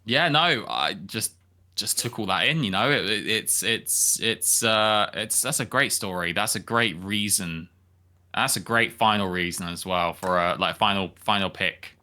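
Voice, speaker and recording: A young man co-hosting a podcast, speaking gently and hesitantly, often repeating his words. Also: fairly low pitch, a little slow. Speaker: podcast co-host. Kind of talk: casual podcast chat.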